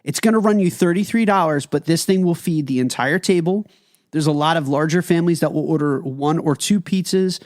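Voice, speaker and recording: Man, podcast co-host, higher voice, emphatic, dry studio sound. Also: brisk, darkish tone, no echo. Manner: enthusiastic, emphatic, tells stories. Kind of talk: casual food podcast chat.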